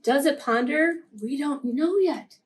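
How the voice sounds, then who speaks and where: Slow, gentle woman reading to preschoolers. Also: high-pitched. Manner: gentle, asks the children questions. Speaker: children's story time reader. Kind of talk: reading picture books aloud to preschoolers.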